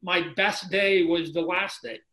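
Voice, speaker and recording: Guy on a zoom call telling stories, high-ish voice, acts out quotes n sound effects, roomy echo. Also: unhurried. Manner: animated storyteller acting out quotes and sounds. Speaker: guest, comic book creator. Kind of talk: casual podcast conversation. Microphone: video call. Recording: roomy video call audio.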